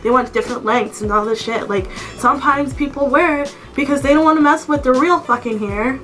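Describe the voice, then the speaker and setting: A young woman with a slightly high voice tells a story in a casual, irritated rant. She swears freely and keeps saying "like". Soft music plays faintly behind her. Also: brisk, low-quality recording. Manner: animated, swears a lot, heavy "like" fillers. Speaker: vlogger. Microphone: camera mic.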